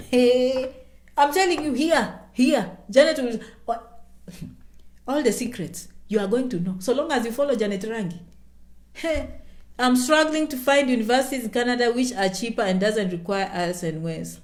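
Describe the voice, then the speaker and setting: Animated woman talking in an echoey room. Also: on the high side, normal speed. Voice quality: animated, emphatic repetition. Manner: chatty, self-promoting, speaks of herself in third person. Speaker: YouTuber answering viewer questions. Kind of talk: casual livestream Q&A.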